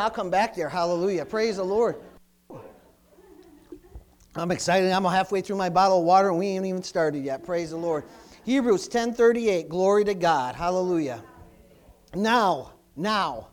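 Preaching in a high voice, this middle-aged man leans on call-and-response and hallelujah after hallelujah. His sermon shifts between soft asides and loud exclamations.

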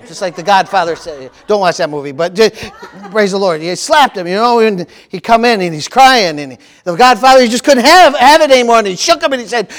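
A man preaching a sermon in a church, lively and playful, acting out panicked voices and calling out to the congregation. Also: very high-pitched, brisk. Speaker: pastor.

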